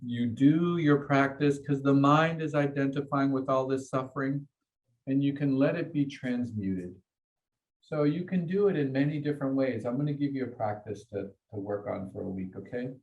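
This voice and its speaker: A man's voice: mid-range voice, normal speed, darkish tone, dull audio. A man leading a meditation class, explaining ideas to his students in a conversational way and often checking in with "okay?" and "right?". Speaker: meditation teacher.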